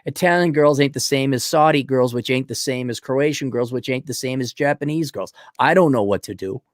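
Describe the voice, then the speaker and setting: A man's voice: medium pitch, fairly quick, no room sound, clean studio sound. A middle-aged man hosting his own show, rambling through a casual monologue and acting out little scenes in other voices. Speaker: podcast host.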